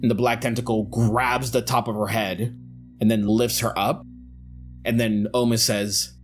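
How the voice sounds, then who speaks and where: A young man narrates a tabletop game as game master, setting scenes in a measured, descriptive voice. His pitch sits at a middle level. Faint music plays behind him. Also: flat delivery.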